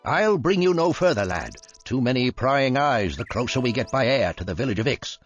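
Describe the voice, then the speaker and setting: An actor playing a gruff older male guide in a game cutscene, speaking gravely and calling the hero lad. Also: mid-range voice, expressive, moderate pace, close to an everyday voice. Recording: dull lo-fi game audio with music.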